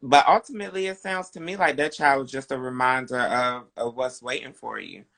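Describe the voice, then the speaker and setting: A man hosting a live chat show, giving supportive advice in an affirming, drawn-out way with sassy slang. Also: mid-range voice, vocal fry, fairly bright tone. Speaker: host.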